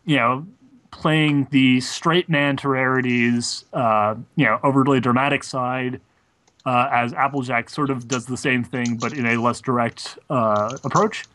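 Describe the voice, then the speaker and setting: A man's voice: medium pitch, steady tone, unhurried, a bit bright. Chatty male podcast co-host. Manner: talkative, explains at length. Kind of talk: casual chat.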